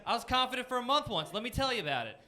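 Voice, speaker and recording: A young man from Florida works a comedy club crowd with a high, light voice and punchy, self-deprecating delivery. He uses a handheld stage mic, and the live room is noisy with audience laughter behind him. He slips quickly into goofy character voices. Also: sing-song. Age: 20s. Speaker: stand-up comedian. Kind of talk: stand-up comedy set.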